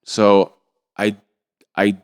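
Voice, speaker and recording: Middle-aged man, drummer guest, casual storytelling, acts out quotes in higher voice, swears. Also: monotone, extremely slow, clean tone. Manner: acts out quotes with jumps in pitch, swears freely.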